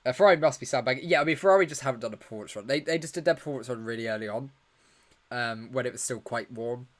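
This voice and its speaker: A man's voice: mid-range voice, rapid-fire. A man hosting a casual live watch-along, chatty and joking as he reacts to the action and answers viewer questions, tired and yawning. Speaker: livestream host.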